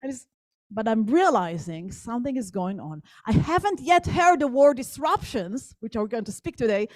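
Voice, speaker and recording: Higher-voiced woman telling a story. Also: expressive, normal speed, a little mellow, no room sound. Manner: engaged, asks the audience questions. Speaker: guest speaker. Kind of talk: storytelling talk to an audience.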